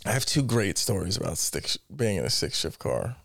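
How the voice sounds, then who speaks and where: A man's voice: sits low, big pitch swings, brisk, gravelly, a bit bright, no room sound, studio quality. A man co-hosting a casual podcast chat, telling rambling, profane stories and laughing often. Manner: laughing storyteller, swears a lot. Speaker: podcast co-host.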